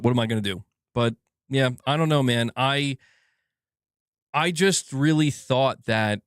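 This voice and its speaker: With a mid-range voice, a frustrated gaming channel host vents on a casual livestream, cursing and constantly restarting and using fillers. The clean studio sound has no room sound.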